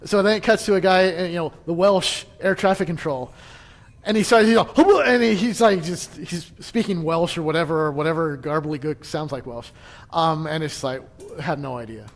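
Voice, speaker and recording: A man's voice: on the high side, normal speed, in a large hall. A man casually leading a church history class, chatty and joking, with frequent restarts.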